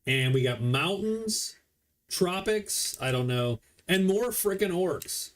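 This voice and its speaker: A man's voice: sits high, lively intonation, slow pace. A man with a slightly raised voice talks casually through a solo board game. He explains rules and moves in a loose, chatty manner. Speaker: board game player streaming a solo playthrough.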